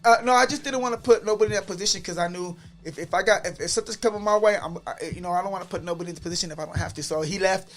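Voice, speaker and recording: A man as a podcast guest telling a story in an animated, excitable way, often repeating his words. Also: sits high, racing, hardly any pauses.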